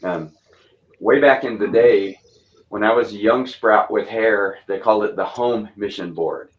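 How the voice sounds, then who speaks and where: A pastor in his fifties talks in a relaxed, rambling way, with a light twang. His voice sits low and he circles back through restarts and fillers as he tells stories about church missions. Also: a little slow, dull audio. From Texas.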